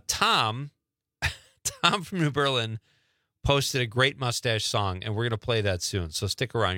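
A man's voice: mid-range voice, pushed and bright, dry recording. A man hosting a live radio show in a studio, chatting casually and upbeat, asking his guest lots of questions.

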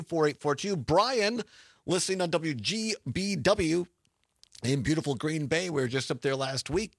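A man's voice: on the high side, no room sound, studio quality. A man hosting a call-in radio talk show, reading listener messages aloud with frequent laughs. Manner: upbeat, laughs often, reads messages aloud. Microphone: studio microphone.

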